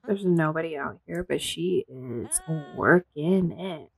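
A woman commentating casually on her own gameplay, gasping and voicing the characters in quick asides. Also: low-pitched, creaky, slightly rough, low-quality recording. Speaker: gameplay streamer. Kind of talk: casual let's-play commentary.

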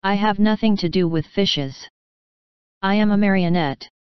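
A woman's voice: mid-range voice, measured pace, clear, resonant tone, no room sound, lightly acted. A woman voicing a frightened wooden marionette boy who sobs and pleads, in a storybook reading. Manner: sobbing, pleading. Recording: slightly muffled, dry.

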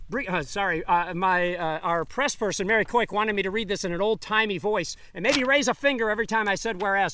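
A man hosting a live outdoor presentation at the edge of a farm field. He talks in an energetic, chatty way and drops in quick asides. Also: high voice, slight background noise. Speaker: host for a preservation organization.

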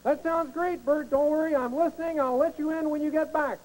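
A man's voice: very high voice, steady tone, a little fast, a little mellow, low-quality recording. A man voicing Ernie, a cheerful, oblivious male puppet roommate who talks in a sunny, chuckly way in a children's TV puppet sketch.

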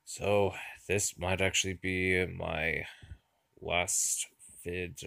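Male YouTuber, casual vlog; low rough voice, dry close sound, sighs and stalls between phrases. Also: level tone, bright, forceful tone, no room sound. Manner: halting and weary, with sighs and fillers.

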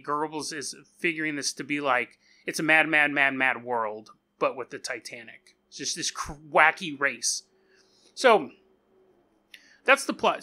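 A man's voice: a little high, pushed and bright. A man hosting a podcast, retelling a story in a chatty, joking way with offhand asides. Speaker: podcast host. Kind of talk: casual storytelling.

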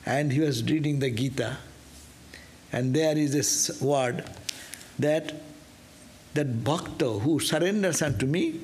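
A monk teaching a scripture class, telling a parable as an animated storyteller who asks listeners "no?". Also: male voice, fairly high pitch, a little hiss or hum. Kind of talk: sermon storytelling.

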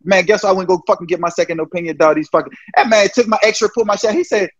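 A man from New Orleans, a pro football player, telling stories in a casual interview, profane and animated, acting out quoted exchanges. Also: sits high, very fast, dry recording. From New Orleans, USA. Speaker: guest, pro football cornerback. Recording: dry, dull lo-fi sound.

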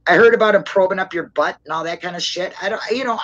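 A woman hosting a casual livestream chat, rambling and calling herself a loudmouth. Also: fairly low pitch, fast talker, lo-fi sound. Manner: rambling, self-described loudmouth, laughs often. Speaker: stream host.

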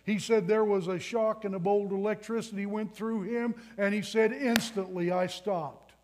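A man's voice: sits high, steady tone, moderate pace, noisy background. A man in his twenties preaching a sermon in a church, telling a personal story earnestly and building to emphatic appeals. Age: 20s. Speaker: pastor. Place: church sanctuary.

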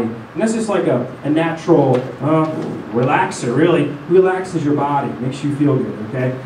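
A man's voice: fairly high pitch, mellow, slight background noise. A man teaching a lesson, coaching the class and having them repeat sounds after him. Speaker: didgeridoo teacher. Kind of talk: instructional lesson. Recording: roomy sound, mic at a distance.

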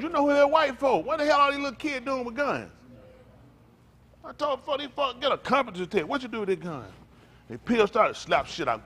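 An older man, preaching as a pastor, unleashes a fiery and profane rant that moves between loud outbursts and tired, low mutters.

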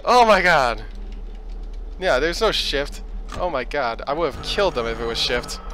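A man doing gameplay commentary, ranting and swearing at the game, swinging between yelling and hushed muttering. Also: on the high side, animated, normal speed, slight background noise. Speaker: let's play gamer.

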